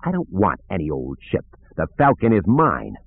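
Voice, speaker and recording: A man voicing a gruff, hot-tempered male pilot who talks curt and snappish. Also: wildly swooping pitch, normal speed, heavily acted. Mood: snappish, menacing. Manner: curt, snappish, low and threatening. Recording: narrow phone-like sound.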